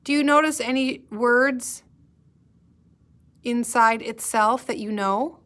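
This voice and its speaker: Slow, patient woman teaching young readers. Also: a little high, fairly bright tone. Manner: slow, patient, sounding out words and pausing for answers. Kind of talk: recorded guided-reading lesson for young students.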